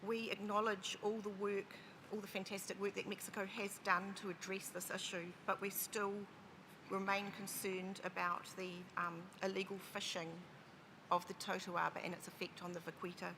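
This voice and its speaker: A woman's voice: mid-range voice, flat delivery, normal speed, noisy background. A woman speaking briefly and politely as a regional delegate at a committee meeting, with some hesitations. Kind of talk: formal committee statement. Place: large conference hall.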